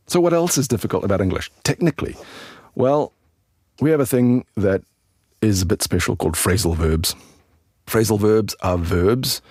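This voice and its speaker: Deep husky man explaining English. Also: no echo, studio quality. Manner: relaxed, chatty explaining with asides to the listener. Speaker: English teacher and podcast host. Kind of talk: conversational podcast lesson.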